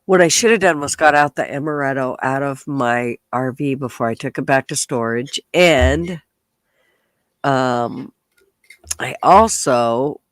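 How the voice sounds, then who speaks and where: He's a podcast host with a slightly high, somewhat bright voice, nasal and congested from a stuffy nose. In a dry recording of a casual livestream, he rambles and chats, cursing casually.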